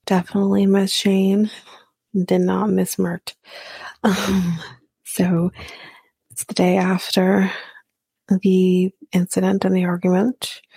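Woman podcaster, husky gravelly voice, slow flat delivery, chatty and blunt. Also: on the low side, no room sound. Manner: chatty, opinionated, swears freely, frequent ums. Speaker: podcast host recapping a reality show. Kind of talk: casual podcast recap and ad read.

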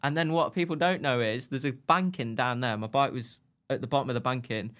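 A young man who is a motorbike racer, telling animated stories in a casual podcast chat and laughing at himself. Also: mid-range voice, brisk. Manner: animated anecdotes, laughs at himself, acts out his own thoughts.

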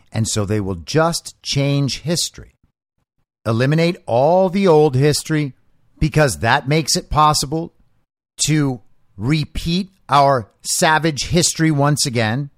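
A man delivering a sarcastic, mocking commentary monologue, his voice set a touch high and swinging widely up and down. The sound is close and dry, with no room around it. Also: very animated, measured pace, no echo. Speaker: political commentary host. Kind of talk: opinionated monologue.

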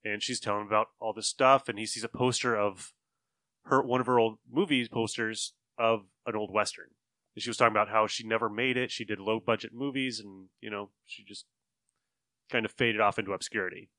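A man with a bright voice talks about a comic in a loose, excitable way. He piles up words for effect and curses casually. The recording is dry and close, with no room sound. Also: fairly low pitch, brisk, dry recording. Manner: excitable, profane, jumps between words. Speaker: comic book podcast co-host. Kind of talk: casual chat.

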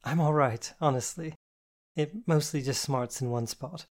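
A man's voice: on the high side, a little slow. A shy, embarrassed young adult who answers in short, sheepish bits, voiced by a male narrator close to his own voice. The lines sound awkward and self-conscious in an audiobook reading.

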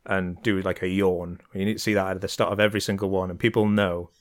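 A man's voice: low-pitched, level tone, fast. A man in casual chat, rambling with lots of fillers and restarts. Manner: rambling, hesitant, many fillers, laughs easily.

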